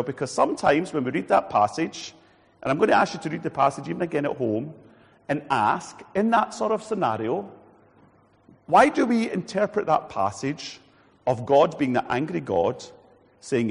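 A man preaching a sermon in a church hall, animated and acting out quoted voices. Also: on the high side, normal speed, vocal fry, pauses often, slightly rough. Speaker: pastor.

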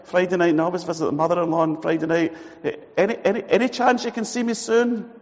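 A flaky friend, voiced by a preacher, gabbles excuse after excuse. His slightly high voice hurries along. The sound is dull and carries a long hall reverb. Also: fairly even intonation, quick pace, darkish tone. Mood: evasive. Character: evasive, flaky male friend making excuses.

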